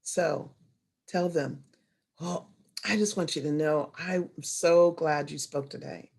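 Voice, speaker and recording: A woman presenting an online storytelling workshop over a video call, expressive and animated, moving from hushed asides to loud emphasis. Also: sits low, slow pace, gravelly, husky.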